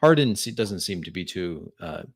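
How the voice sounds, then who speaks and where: A man's voice: deep voice, very animated, moderate pace, husky. A man narrating as a tabletop game master, in a loose way full of fillers and restarts.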